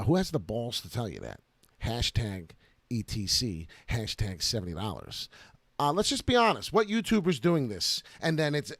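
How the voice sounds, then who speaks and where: A man hosting a casual crypto live stream, excited and rambling with lots of filler "uh"s, talking into a close desk mic at home. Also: medium pitch, no room sound. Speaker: crypto video host.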